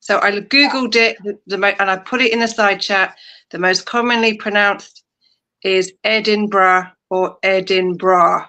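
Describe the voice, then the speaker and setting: A woman's voice: mid-range voice, steady tone, moderate pace, pushed and bright, muffled recording. A woman chatting as co-host on a livestream, joking and lightly exasperated. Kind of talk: casual livestream chat.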